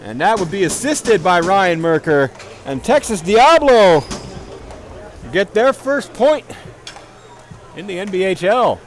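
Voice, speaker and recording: A man calling play-by-play for a ball hockey game, rambling into self-deprecating asides between plays and shouting on goals. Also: high-pitched, takes it slowly, pauses often. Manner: excited calls on goals. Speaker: play-by-play commentator.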